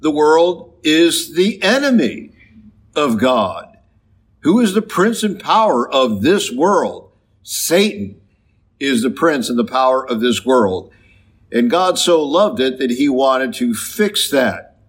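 A man, a priest, preaching a sermon slowly and emphatically, drawing out key phrases. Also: medium pitch, very animated, breathy edge. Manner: slow, emphatic preaching with drawn-out stressed phrases.

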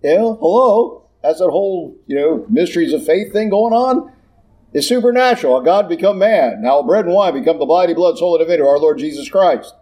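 A man teaching Catholic doctrine in an animated sermon, asking rhetorical questions and repeating key words for emphasis. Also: fairly high pitch, a little fast.

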